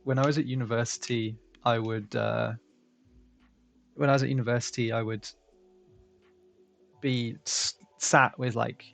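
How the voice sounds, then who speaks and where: A man's voice: medium pitch, flat delivery, a little slow, vocal fry, long pauses, fairly bright tone, faint music behind. A man hosting a drawing stream, chatting casually and joking. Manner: chatty, joking, laughs often. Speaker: stream host.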